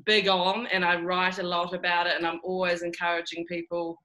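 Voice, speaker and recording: Candid New Zealand woman, bright voice. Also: lowish voice, brisk. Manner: candid, self-deprecating. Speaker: guest author. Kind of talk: casual video call chat.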